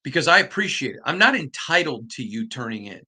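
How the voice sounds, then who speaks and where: A man hosting a sports podcast, telling stories in an animated, conversational way with frequent restarts. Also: mid-range voice, a little fast, slightly rough. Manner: animated storytelling with repeated restarts. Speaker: podcast host. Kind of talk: casual podcast monologue.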